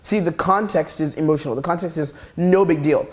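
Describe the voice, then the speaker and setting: A young man giving a recorded coaching lecture, brash and profane, talking in rapid bursts. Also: a little high. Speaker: dating coach. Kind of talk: instructional course lecture.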